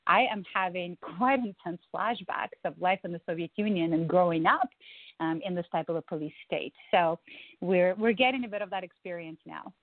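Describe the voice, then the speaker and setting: A woman talks as a guest, warm and laughing often. The sound is dry and tinny, like a phone line. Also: fairly low pitch, normal speed, no echo. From Ukraine. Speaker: guest, branding agency co-founder. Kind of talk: casual interview talk.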